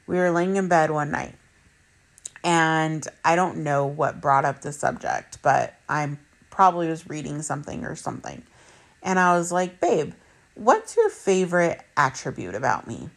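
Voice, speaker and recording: A woman's voice: sits low, very animated, normal speed, creaky. A woman in her thirties, a mother, talking bluntly to her viewers about relationships, swearing freely and repeating points for emphasis. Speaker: vlogger. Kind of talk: candid personal monologue.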